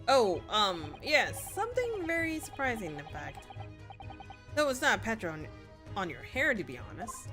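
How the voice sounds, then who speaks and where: A polite young lawyer, earnest and easily flustered, read by a woman in her own lowered voice. He stumbles and hedges his words, with a lively pitch. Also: a little slow, over music, heavily acted. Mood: hesitant.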